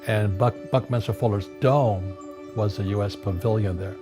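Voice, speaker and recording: A man in his seventies from Hawaii, a guest in an interview, telling animated stories with frequent restarts and repeated words. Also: fairly low pitch, moderate pace. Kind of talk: storytelling conversation. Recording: music playing underneath.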